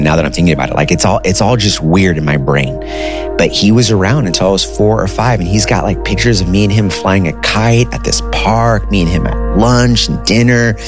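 A man in his thirties with a deep, low voice tells a personal story in a casual, animated way, slipping into the voices of people he quotes. Faint music plays quietly behind him. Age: 30s.

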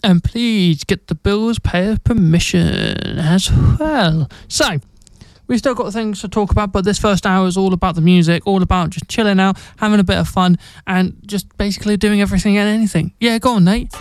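A man's voice: high voice, moderate pace, no echo. A young man presenting a casual local radio show, chatty and jokey, rambling and restarting his sentences. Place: radio studio. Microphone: studio mic.

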